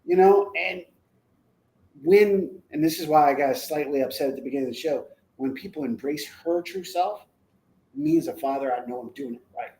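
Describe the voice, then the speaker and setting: A man in his forties telling a personal family story as a parent on a talk show, earnest and emphatic, breaking into louder, higher bursts at key moments. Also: normal speed, poor audio. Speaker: parent of the guest.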